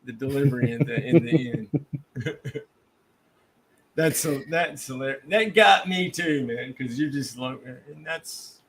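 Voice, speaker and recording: A man hosting his livestream, talking in an animated, rambling way and laughing often. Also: mid-range voice, measured pace, long pauses, a little hiss or hum. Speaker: livestream host. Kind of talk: casual chat.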